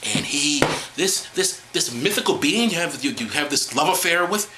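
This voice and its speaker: A man's voice: a little high, lively intonation, moderate pace, hardly any pauses, echoey room, background noise. A man hosting a vlog, ranting sarcastically and with lots of swearing while reading through a text. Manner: sarcastic, exasperated, profane. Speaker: vlog host. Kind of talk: ranting commentary on Bible reading.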